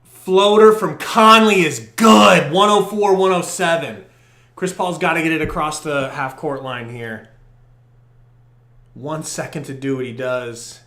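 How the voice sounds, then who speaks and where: A young man doing live fan play-by-play on a podcast stream, muttering then shouting as plays unfold, on a poor microphone. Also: on the high side, a little slow, roomy sound. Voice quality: profane, partisan fan commentary. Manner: excitable, swings from muttering to shouting. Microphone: poor quality microphone.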